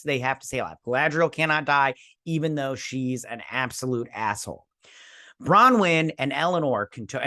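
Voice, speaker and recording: A man's voice: on the high side, pushed and bright, no echo, studio quality. A man hosting a casual episode recap and review, rambling and sarcastic as he retells the scenes. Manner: rambling, sarcastic, quotes characters in mock voices. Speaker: host.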